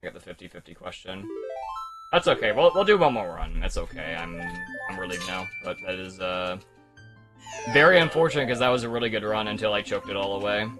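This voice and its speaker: Over music, a young man with a low voice streams a speedrun, speaking quickly and with animation. It's casual live-stream commentary: frustrated and rambling, he swears as he goes over his mistakes.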